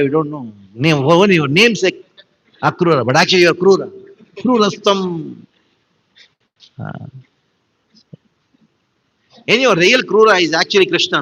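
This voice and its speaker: A man's voice: on the high side, fairly bright tone, rough recording. A man giving a devotional scripture class, telling the story with emphasis and animation.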